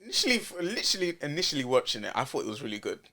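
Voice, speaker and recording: A man who is a journalist guest in a casual podcast chat, speaking haltingly, with restarts and a lot of "like". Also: fairly high pitch, sing-song, crowd noise. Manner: halting, restarts often, full of "like".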